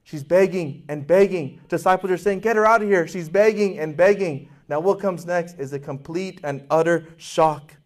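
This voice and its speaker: A man's voice: fairly high pitch, normal speed, hardly any pauses, darkish tone. A male pastor preaching a sermon with passion, acting out voices in quotes and asking his congregation questions.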